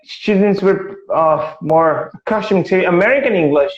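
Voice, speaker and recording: A high-voiced man who speaks English as an asks questions on a live video call, stopping and restarting, then grows lively as he tells a story. His voice sits high for a man, and the call sounds roomy and a little muffled. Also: normal speed. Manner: hesitant, many fillers and restarts, animated when telling stories. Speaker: interviewer. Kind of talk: casual live-stream interview.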